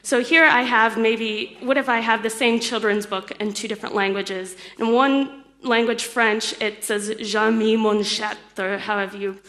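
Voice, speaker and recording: A woman's voice: fairly high pitch, fairly even intonation, normal speed, a bit bright. A young woman giving a technical lecture at a conference, explaining step by step with fillers and light laughs. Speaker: conference speaker. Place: lecture hall.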